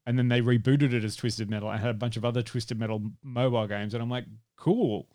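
A man's voice: mid-range voice, little pitch movement, fast, a little mellow. A man hosting a podcast in casual chat, rambling and laughing often. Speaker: podcast host.

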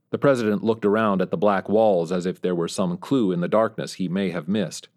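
Low-voiced man narrating a story. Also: steady tone, a little mellow. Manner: measured storytelling. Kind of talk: scripted narration.

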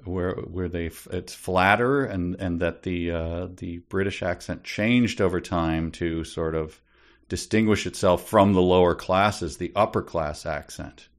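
A male co-host with a very low voice, talking in a musing, meandering way. He drifts between ideas in a relaxed, casual chat. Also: measured pace. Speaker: podcast co-host. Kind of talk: casual book discussion.

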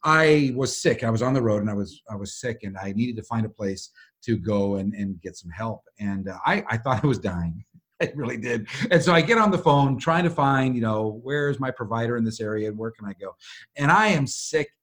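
Husky man telling a story. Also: medium pitch, brisk. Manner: animated storyteller, laughs often. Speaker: podcast co-host. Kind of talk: casual podcast chat.

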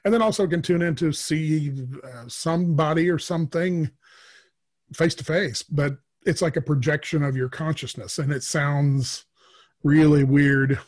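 A middle-aged man speaking as a podcast guest, telling rambling stories full of filler pauses. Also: fairly high pitch, a little mellow. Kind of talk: casual storytelling interview.

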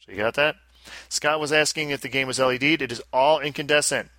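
Working through listener mail on a casual podcast, this male host keeps a steady tone and talks fast, dropping wry asides as he reads emails aloud. His voice is bright and mid-pitched, and the recording sounds dry.

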